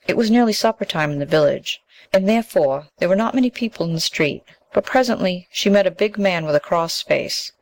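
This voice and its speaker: A woman narrating a fairy tale in a measured, expressive storybook reading. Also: on the low side, low-quality recording.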